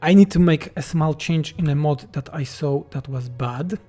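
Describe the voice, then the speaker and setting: A man's voice: fairly high pitch, moderate pace, warm tone, soft background music. A man from Poland with a Polish accent, a game mod developer reading chat questions aloud and answering them bluntly and jokingly on a livestream.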